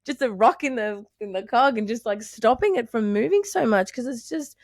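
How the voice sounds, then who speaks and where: A woman's voice: fairly high pitch, lively intonation, moderate pace, no echo, clean studio sound. A young adult woman hosting a podcast, chatting candidly and swearing freely, often laughing. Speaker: podcast host. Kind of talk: casual conversation.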